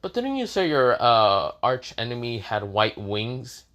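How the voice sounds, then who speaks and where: A man's voice: medium pitch, wildly swooping pitch, a little slow, a bit bright. A man voicing a cocky, fearless young man who is blunt and swears freely. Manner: blunt, profane.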